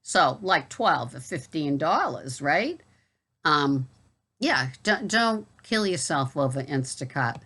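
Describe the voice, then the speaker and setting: A woman with a Boston accent talks to her viewers in a loose, chatty way. Her voice sits low, and her wry, exasperated asides keep the talk moving. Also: sing-song, takes it slowly, a bit bright, slightly rough. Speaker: vlogger and gig delivery worker. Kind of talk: casual talk to camera.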